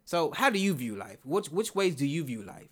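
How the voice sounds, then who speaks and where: A podcast host rambles loosely through his ideas in a casual, reflective monologue, repeating himself and posing rhetorical questions. His voice is a little high and sing-song with a breathy edge, at normal speed.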